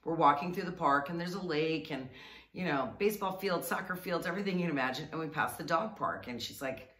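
A woman vlogger telling a funny story to camera in a chatty, animated way, often laughing and stretching out words. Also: sits low, quick pace. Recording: roomy sound, mic at a distance.

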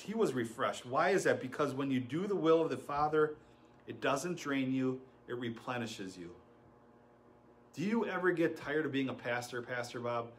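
A man's voice: a little high, fairly bright tone, a little hiss or hum. A middle-aged man preaching a sermon as pastor, telling stories with laughs and acting out quotes.

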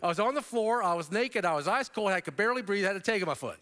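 A middle-aged keynote speaker races through his story, his voice pitched slightly high for a man. Animated, he lets his pitch leap for emphasis and slips in offhand remarks to the crowd.

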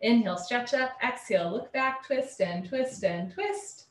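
A woman leading a live yoga class from home, calling out poses briskly and dropping in chatty asides. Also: fairly high pitch, echoey room. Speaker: yoga teacher.

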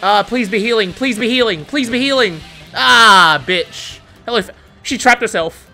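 A gamer giving excitable live commentary over gameplay, swearing and laughing often. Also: mid-range voice, moderate pace, soft background music. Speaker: gamer streaming a match.

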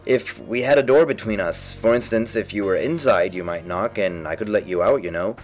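A man's voice: lowish voice, faint music behind, close to an everyday voice. A man voicing a dull, solemn frog-faced footman in a storybook reading. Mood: unbothered. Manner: slow, flat, unbothered.

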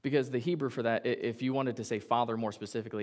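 A man preaching a sermon from the pulpit in a mid-pitched voice. He keeps it conversational and jokey and often acts out little quotes as he goes. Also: flat delivery, quick pace, darkish tone. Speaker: pastor. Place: church sanctuary.

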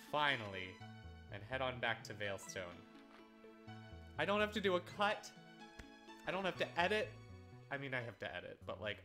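A man's voice: mid-range voice, a bit bright. A man casually commenting on a video game as he plays, sarcastic, often repeating words in exasperation. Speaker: let's play host.

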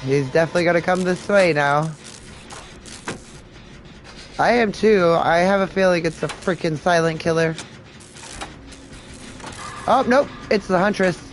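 A woman's voice: lowish voice, a little slow, pauses often, a little hiss or hum. A woman streaming a game and chatting casually with friends, swearing freely and laughing often. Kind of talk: casual gaming stream chat.

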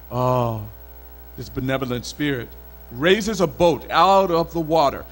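A male storyteller from Mali telling a folk tale in an expressive, dramatic way at a live event. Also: a little high, moderate pace, faint music behind, poor audio. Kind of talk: oral storytelling performance. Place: country club event.

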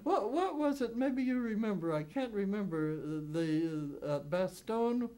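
Speaking a little slowly in a mid-range voice, this ninety-something WWII veteran recounts wartime memories for an oral history interview. Her lively anecdotes wander, full of restarts and fillers, and she chuckles frequently.

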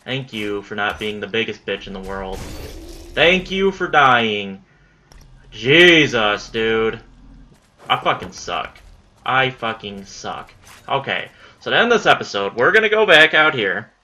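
A man's voice: lowish voice, big pitch swings, slow pace, bright, forceful tone. A young man giving casual commentary on his own gameplay, frustrated, swearing and muttering at the enemy.

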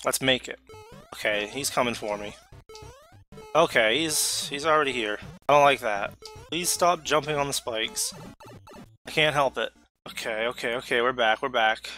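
Bright, excitable man streaming a game. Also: mid-range voice, normal speed, long pauses, faint music behind. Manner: excitable, talks to himself, sudden yelps. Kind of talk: live gameplay commentary.

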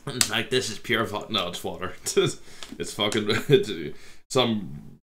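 A man's voice: on the low side, expressive, takes it slowly, fairly bright tone, a little hiss or hum. A man from Ireland with an Irish accent, hosting a casual reaction video, chatty and full of swearing and laughter.

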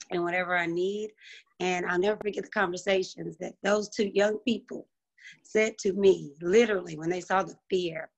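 A woman's voice: mid-range voice, highs cut off. A middle-aged woman, a restaurant owner, speaking on a business panel over a video call and telling her story with emotion and faith.

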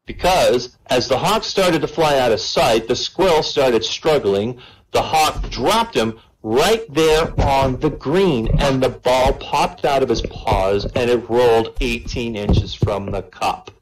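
A man's voice: medium pitch, slow, a little hiss or hum, rough recording. A man telling a long joke at an online comedy night, adding "right?" after his lines. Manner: animated storyteller, keeps adding "right?". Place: online voice chat comedy show.

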